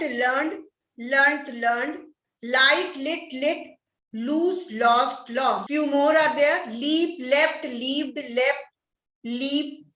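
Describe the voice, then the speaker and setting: Slow, high-voiced woman teacher reciting. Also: bright, forceful tone. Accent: Indian English. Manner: slow, drilled recitation of word lists. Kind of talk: reading a verb list aloud. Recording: roomy echo, distant mic.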